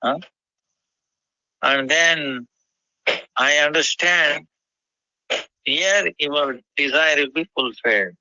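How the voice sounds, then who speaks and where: A man voicing a gentle young village boy who coaxes softly. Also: fairly high pitch, takes it slowly, pauses often, dry recording, dull audio, exaggerated voice. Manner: coaxing, pleading.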